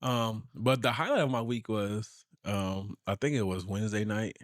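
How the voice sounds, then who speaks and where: Man, thirties, relaxed storytelling, frequent laughs, dry close sound. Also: lowish voice, normal speed, dry recording. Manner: laid-back storytelling, laughs often. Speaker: podcast co-host. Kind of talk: casual chat.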